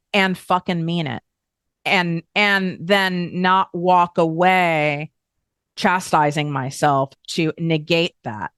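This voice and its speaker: A woman's voice: low voice, fairly bright tone, clean tone, dry recording, clean studio sound. A woman hosting a podcast, talking frankly and emphatically in a candid self-help monologue, swearing casually. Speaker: podcast host.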